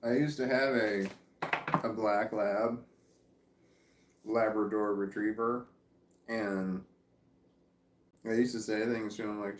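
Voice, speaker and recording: A man talks on and on at home, sleepy and meandering, pleased with his own stories. His voice sits a little low. The room gives it a noticeable echo. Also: fairly even intonation, a little slow, pauses often, slight background noise. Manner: meandering, chatty, self-amused. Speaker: vlogger. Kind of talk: casual rambling monologue.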